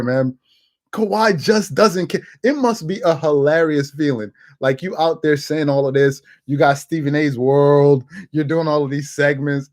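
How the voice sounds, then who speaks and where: Brief: male sports host, voice on the high side, chatty and excitable, stumbles and restarts. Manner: animated, laughing, with quick repeated restarts. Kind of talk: casual sports commentary.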